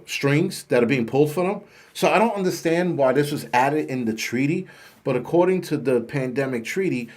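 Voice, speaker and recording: A man's voice: medium pitch, a little mellow. A middle-aged man hosting his own channel, telling a story and ranting bluntly with heavy swearing. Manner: profane, heated, blunt storytelling. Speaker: host. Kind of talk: ranting monologue to camera.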